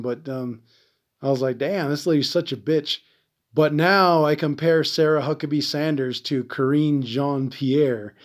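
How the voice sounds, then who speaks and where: A man from the Navajo Nation hosting a veterans podcast, telling stories in a casual, rambling way with lots of swearing and pauses to search for words. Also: a little high. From Navajo Nation, American Southwest. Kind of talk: casual storytelling.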